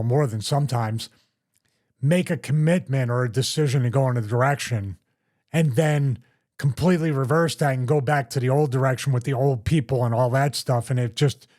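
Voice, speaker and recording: Measured man hosting a podcast. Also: medium pitch, darkish tone. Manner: reflective, thinks aloud, measured. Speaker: podcast host. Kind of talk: casual podcast chat.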